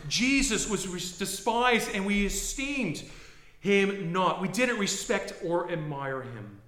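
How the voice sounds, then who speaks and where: A man preaching a sermon as a pastor, in a dramatic style that swings from hushed lines to shouted ones. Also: sits high, animated, slow, roomy sound.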